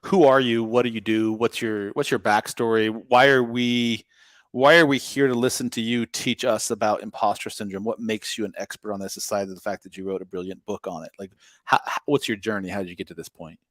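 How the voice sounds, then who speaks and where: A man's voice: lowish voice, fairly even intonation, fairly quick, a bit bright, no room sound. A male podcast host who fires off curious questions to his guest. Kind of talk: conversational interview.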